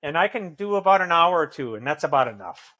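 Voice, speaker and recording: Blunt, foul-mouthed man with a higher voice. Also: big pitch swings, fast, bright, forceful tone. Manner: blunt, heavy swearing; earnest, intense. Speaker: podcast guest. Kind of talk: candid interview conversation.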